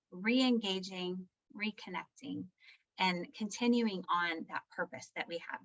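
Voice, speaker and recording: A woman leads a parenting talk in a relaxed, conversational way and keeps tagging her points with a quick "right?". She is candid and self-deprecating about her own slips. The recording sounds slightly dull and lo-fi, and her voice sits at a medium pitch. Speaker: parenting workshop presenter. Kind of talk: live presentation.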